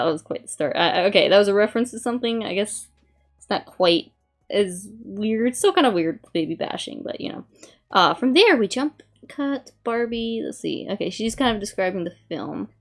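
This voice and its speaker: A young woman streamer in casual chat, rambling with many fillers and reading aloud from a review. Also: medium pitch. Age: young adult.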